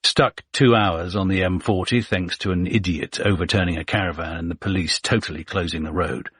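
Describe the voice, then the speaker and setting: A man narrating a thriller audiobook in a measured, even storytelling manner. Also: deep voice, slightly rough, no room sound, clean studio sound.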